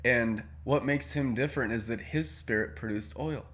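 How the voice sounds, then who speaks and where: A man speaking slowly and earnestly, sharing a spiritual insight with a group. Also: mid-range voice, fairly bright tone.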